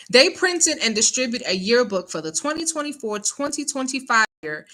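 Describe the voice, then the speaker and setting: Speaking in a slightly high, bright and forceful voice, a female host runs a laid-back news commentary show. Her delivery is emphatic, with rhetorical questions and frequent "okay?" check-ins following each point.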